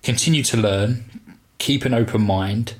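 A man's voice: mid-range voice, measured pace. A man co-hosting a podcast in casual, rambling chat. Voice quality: relaxed, rambling, many fillers. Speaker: podcast co-host.

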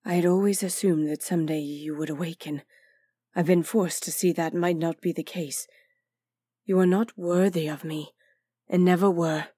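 A woman's voice: on the low side, fairly even intonation, normal speed, husky, dry recording, studio quality. Woman voicing a whispering menacing spirit. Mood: disdainful. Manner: soft, whispery and threatening. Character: cold hostile bodiless entity, ancient and menacing.

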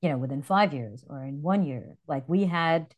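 A woman co-hosting a casual podcast as a dance instructor, chatty and quick to laugh. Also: sits low, lively intonation.

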